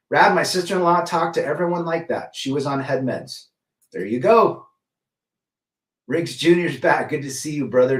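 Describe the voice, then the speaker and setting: A middle-aged man hosting a casual livestream, giving blunt opinions and greeting chatters by name. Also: a little high. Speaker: livestream host reading chat. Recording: roomy echo, mic at a distance.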